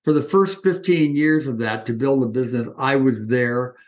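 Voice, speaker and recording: A man in his eighties telling anecdotes as an interview guest, lively and acting out the voices of people he quotes. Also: mid-range voice, moderate pace. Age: 80s. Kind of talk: reminiscing storytelling.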